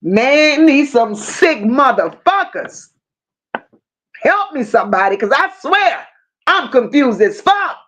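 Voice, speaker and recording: A woman's voice: sits high, sing-song, takes it slowly, a bit bright. A woman hosting a casual true crime livestream, telling the story bluntly and with strong emotion, swearing freely and talking straight to her viewers. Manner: addresses viewers directly.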